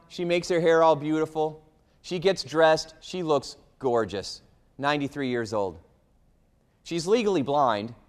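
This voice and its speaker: A man with a somewhat high voice delivers a motivational talk. He tells stories and acts out the dialogue with energy, rising sharply when he plays a frustrated man. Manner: animated storytelling, acting out a frustrated man's complaints. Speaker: motivational speaker.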